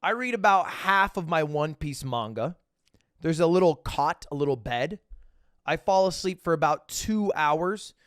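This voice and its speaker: A young man livestreaming, casually telling a story to his chat, swinging between loud bursts and low asides and acting out the dialogue. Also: animated, measured pace, dry recording, studio quality. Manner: acts out quoted dialogue.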